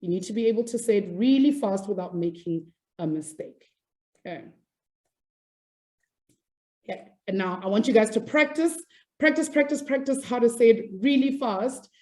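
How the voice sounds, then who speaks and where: A woman's voice: fairly high pitch, moderate pace, pauses often, darkish tone. A woman teaching a maths class online, upbeat and chatty, apologizing and laughing easily as she explains.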